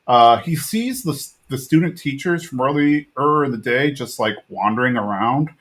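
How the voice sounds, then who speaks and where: A man's voice: medium pitch, animated, moderate pace, a bit bright. Man rambling through a casual recap. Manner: rambling, loose retelling full of fillers. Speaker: podcast host.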